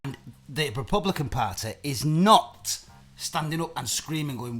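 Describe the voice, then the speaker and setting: A man's voice: a little high, animated, measured pace, fairly bright tone. A man hosting a live-streamed chat show, talking in a heated, emphatic way and swearing often. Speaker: host.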